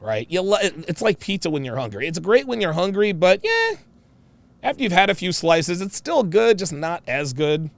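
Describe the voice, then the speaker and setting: Guy in his 40s ranting over clips, gravelly, pitch jumps all over, mocking and profane. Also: normal speed, dry recording. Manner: mocking, animated, repeats himself. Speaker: host reacting to clips. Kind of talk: profane reaction commentary.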